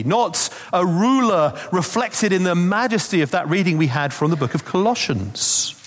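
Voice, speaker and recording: A man preaching a Christmas sermon, telling stories in a conversational way with asides. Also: a little high. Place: church. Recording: long reverb of a church hall.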